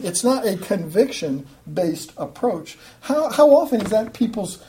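Lively woman teaching a sermon. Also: medium pitch, unhurried, slight background noise. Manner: animated, conversational, acts out quoted voices. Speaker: Bible teacher.

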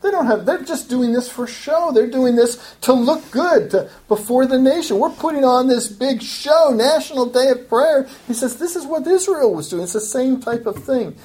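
A woman's voice: animated, moderate pace, hardly any pauses, a little mellow. A woman preaching a sermon in an emphatic teaching style, often restarting phrases. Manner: emphatic, rises in pitch for quoted lines, frequent restarts. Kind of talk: expository sermon.

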